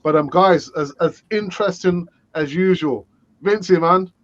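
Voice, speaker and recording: A man's voice: high-pitched, normal speed. Chatty male host, dull lo-fi sound. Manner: chatty, hands out shout-outs. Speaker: podcast host. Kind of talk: casual football chat.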